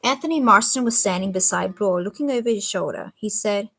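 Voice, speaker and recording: A woman's voice: mid-range voice, a little fast, gravelly, fairly bright tone, soft background music, low-quality recording. A woman reading a novel aloud on a stream, with chatty, self-mocking asides between passages. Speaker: reader.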